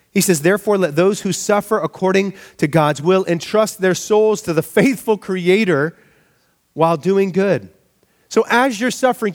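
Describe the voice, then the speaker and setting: A man preaching a sermon in a conversational, animated way, often asking the congregation rhetorical questions. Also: high-pitched. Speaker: pastor.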